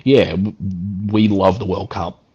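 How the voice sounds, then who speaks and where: An Australian man phones in to a football show, excited and laid-back in casual chat. His voice is low and slightly husky, and it comes through a dull, lo-fi call line. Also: a little slow. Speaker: caller.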